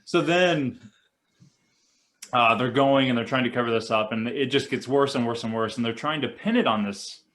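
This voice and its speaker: A man's voice: medium pitch, normal speed. A young man co-hosting a casual podcast, retelling a movie plot with lots of acted-out quotes. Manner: animated storyteller acting out quotes. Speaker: podcast co-host.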